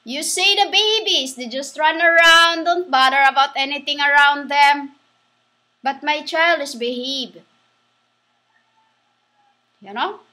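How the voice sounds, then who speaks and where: A woman giving a rambling religious monologue, halting and restarting, spelling words out letter by letter. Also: high-pitched, sharp tone. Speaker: self-styled preacher.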